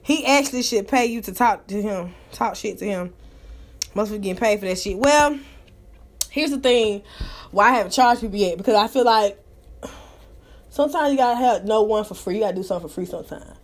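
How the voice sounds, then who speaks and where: A woman hosting her own live talk show, chatting casually in an animated, profane, gossipy way. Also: medium pitch, a little fast. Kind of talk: casual chat.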